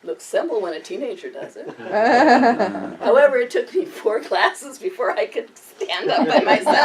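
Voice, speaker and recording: An older woman giving a humorous storytelling speech, often chuckling through her own anecdotes. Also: fairly high pitch. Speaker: public speaker. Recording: distant mic with faint room ambience.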